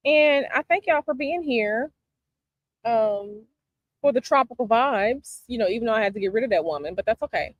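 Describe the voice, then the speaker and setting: A woman's voice: on the high side, animated, normal speed, no room sound, lo-fi sound. A woman from Chicago hosting a casual chat with her viewers outdoors, sassy and emphatic, repeating her advice. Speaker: tarot channel host. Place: outdoors by a palm tree, planes overhead.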